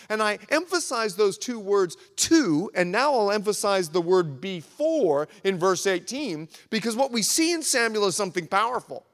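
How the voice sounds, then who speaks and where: Male pastor, animated storyteller, high and lively pitch, reverberant hall sound. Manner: animated storytelling preacher, acts out quotes. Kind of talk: sermon. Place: church hall at a men's breakfast.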